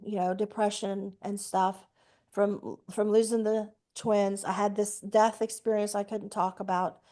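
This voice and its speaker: A woman's voice: medium pitch, darkish tone. A woman in her sixties, speaking earnestly and emphatically as a guest at a group meeting, telling a personal story and acting out what people said. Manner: earnest and emphatic, acts out quoted speech. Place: meeting room.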